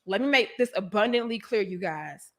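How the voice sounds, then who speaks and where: A woman's voice: mid-range voice, lively intonation, normal speed, a bit bright. A woman in her thirties hosting a live online talk show, preaching bluntly and emphatically straight to her viewers. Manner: preachy and emphatic, addresses viewers directly as sis and brothers. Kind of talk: blunt live-stream commentary.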